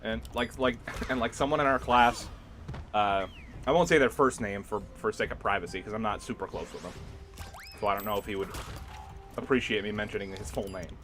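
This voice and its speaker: Faint music plays behind this young man as he streams a game, his fairly low, fairly bright voice moving a little fast. In a casual livestream chat, he wanders through a story, laughing often and leaning on fillers.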